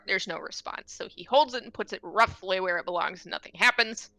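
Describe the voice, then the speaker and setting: Bright-voiced woman with wry asides. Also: mid-range voice, a little fast, no echo. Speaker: tabletop game player. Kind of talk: casual game recap narration.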